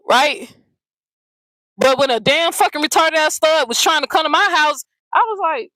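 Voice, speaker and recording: A woman's voice: sits high, lively intonation, moderate pace, pauses often, bright, forceful tone, dry recording, poor audio. A woman hosting her own channel, delivering a blunt, profane, mocking rant straight to the camera. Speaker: channel host. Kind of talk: confrontational vlog rant.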